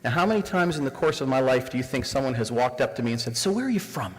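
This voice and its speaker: A man in his forties from Canada, leading a workshop for a room of listeners. He keeps pulling them in with rhetorical questions, his mid-pitched voice carrying a long reverb from the hall. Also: rapid-fire. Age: 40s. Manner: engaging, asks the audience rhetorical questions. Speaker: diversity workshop facilitator. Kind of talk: live presentation to an audience. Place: room with a live audience.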